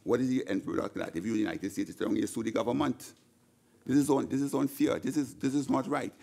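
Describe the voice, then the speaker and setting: Impassioned gravelly Trinidadian man. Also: medium pitch, fairly even intonation, fast talker, dark tone. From Trinidad and Tobago. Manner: impassioned, repeats words, stumbles and restarts. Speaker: senator. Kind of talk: parliamentary budget speech. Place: senate chamber.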